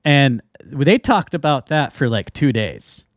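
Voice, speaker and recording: A man's voice: medium pitch, very animated, slow pace, no room sound, studio quality. A man appearing as a podcast guest in casual conversation, asking skeptical questions.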